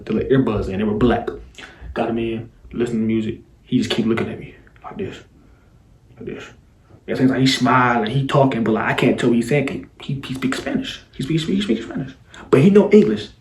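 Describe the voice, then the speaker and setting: A man's voice: mid-range voice, flat delivery, brisk, darkish tone. A man casually telling a story to his viewers in slangy, loose speech, often repeating and restarting his words. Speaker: vlogger. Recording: roomy echo.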